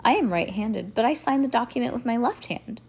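A woman's voice: on the high side, lively intonation, brisk, vocal fry, a little mellow, husky, pitched above the performer's own voice, heavily acted. Woman reading as a testy clever teenage girl. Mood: firm. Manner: firm and testy.

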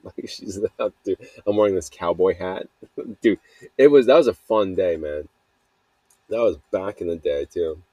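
A man's voice: low-pitched, expressive, unhurried, mellow, slightly rough, no echo. A young man telling rambling stories outdoors at night in a casual monologue, laughing often and swearing casually. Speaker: podcast host.

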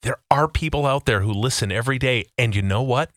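A man's voice: medium pitch, quick pace, fairly bright tone, dry recording. A man co-hosting a podcast in a studio, chatting and teasing his co-hosts. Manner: playful, teasing. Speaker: podcast co-host. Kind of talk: casual chat.

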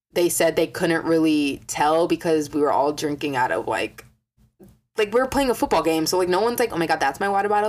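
A young woman telling a story in a casual vlog, swearing a lot and acting out quotes with animated energy. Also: deep voice. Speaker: vlogger.

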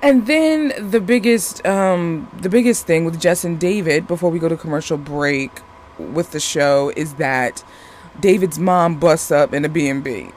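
A man talks through a TV episode in a loose, chatty recap. His voice sits high with a gravelly rasp, and he keeps restarting sentences and filling pauses as he goes. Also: slight background noise. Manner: rambling, many fillers and restarts.

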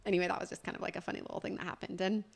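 Young woman co-host, animated storyteller, casual chat, mid pitch. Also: rapid-fire, creaky. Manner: chatty, animated storytelling with quoted voices. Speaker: podcast co-host.

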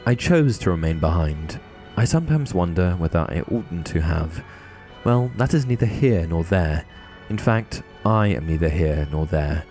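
A man voicing a mournful, resigned old male ghost who speaks quietly. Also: low-pitched, expressive, normal speed, soft background music.

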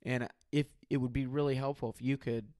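Young man, mid-pitched and emphatic, telling a story in casual conversation, dry close recording. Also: steady tone, fairly quick, warm tone, no echo. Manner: casual and emphatic, with many "like" fillers.

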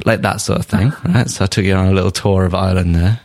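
A low-pitched man chatting on a football podcast. He is blunt and jokey and swears freely, ranting half in fun. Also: fairly even intonation, quick pace, hardly any pauses, a little mellow. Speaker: podcast co-host. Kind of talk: casual football podcast chat.

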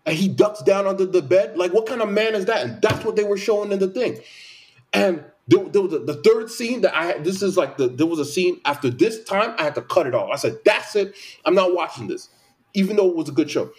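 He talks a little fast in a high voice, venting during a casual chat about his opinions. The complaints come out animated and forceful, circling back over the same points repeatedly.

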